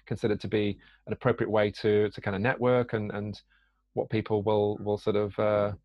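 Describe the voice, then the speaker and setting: Gravelly low man, dull dry audio. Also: little pitch movement, normal speed, no echo. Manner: hesitant, many fillers and restarts. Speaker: podcast guest, coach. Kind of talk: conversational podcast interview.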